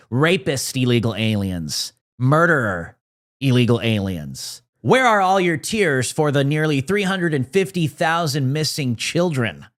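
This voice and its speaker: Male political commentator, combative and mocking, lively pitch swings. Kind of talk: scripted commentary.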